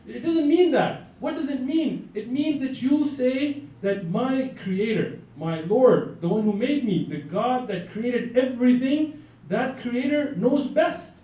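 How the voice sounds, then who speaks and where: Man, high pitch, lively lecturer who quizzes his audience, picked up from far off in a very roomy hall. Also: measured pace, highs cut off. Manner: lively, conversational, asks the audience to respond. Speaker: lecturer on Islam. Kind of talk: campus lecture to a live audience. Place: college lecture room. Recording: very echoey room, mic far off.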